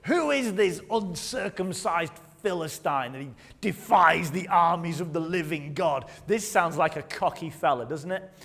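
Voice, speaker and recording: High-voiced preacher in a reverberant hall. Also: male voice, a little slow, gravelly, few pauses. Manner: animated, conversational preaching with rhetorical questions; leads the congregation in call-and-response. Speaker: pastor. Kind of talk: sermon. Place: church hall.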